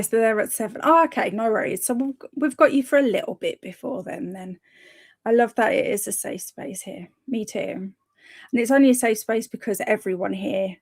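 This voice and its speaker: A woman's voice: medium pitch, darkish tone. A woman hosting a reading livestream, chatting casually, reading viewer comments aloud and encouraging them with frequent small laughs. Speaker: livestream host of reading sprints.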